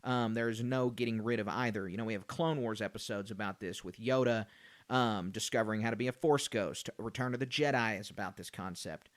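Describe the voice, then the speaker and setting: A man's voice: fairly low pitch, a little fast, dry recording. A young man co-hosting a casual podcast review chat, rambling with frequent fillers and restarts. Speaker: podcast co-host.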